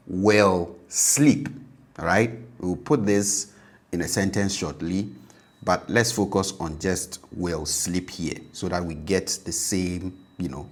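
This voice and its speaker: A man teaching a language lesson, patiently explaining and repeating example words for the learner. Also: deep voice.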